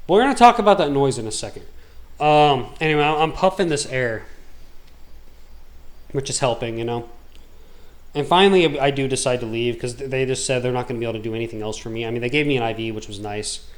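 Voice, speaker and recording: A man hosting a gaming video, telling a long story in a rambling, animated, slangy way. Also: mid-range voice, quick pace. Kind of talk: casual storytelling while gaming.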